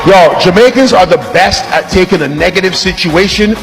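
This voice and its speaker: A man doing a crude, animated stand-up comedy set in a comedy club. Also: sits high, brisk, music in the background, a crowd in the background.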